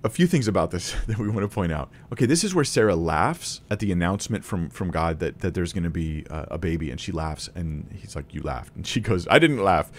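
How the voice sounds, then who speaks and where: Man, fairly low voice, very animated pitch, casual Bible lesson to camera, thinks aloud, faint background noise. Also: fairly quick, hardly any pauses. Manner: conversational, thinks aloud with restarts and small laughs. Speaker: Bible teacher. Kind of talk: casual teaching video to camera.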